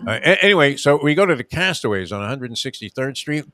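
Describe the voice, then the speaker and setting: A man's voice: mid-range voice, sing-song, quick pace, pushed and bright, dry recording, faint music behind. A man in his sixties, a radio host, telling a long rambling story in casual chat, full of fillers and restarts.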